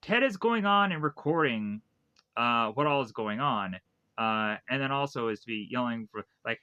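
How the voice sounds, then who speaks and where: A man's voice: medium pitch, big pitch swings, normal speed, sharp tone, clean tone, no echo, dull audio. Rambling man recapping a film. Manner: rambling, many fillers and restarts. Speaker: film reviewer. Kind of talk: casual spoken movie recap.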